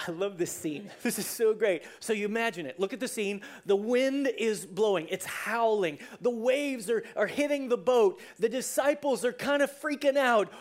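Preacher, sermon, animated storytelling, casual asides, mid-pitched voice. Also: moderate pace, few pauses. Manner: animated storyteller who acts out scenes; conversational, with restarts and asides.

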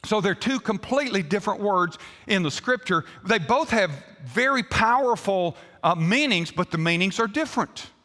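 Male pastor, animated storyteller, bright and forceful tone, echoing through a big sanctuary. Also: sits high, normal speed. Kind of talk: sermon.

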